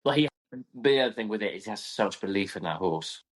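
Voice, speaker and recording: A man's voice: fairly low pitch, animated, brisk. A man co-hosting a podcast, enthusiastic and gushing as he chats. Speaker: podcast co-host, event rider. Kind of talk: casual chat.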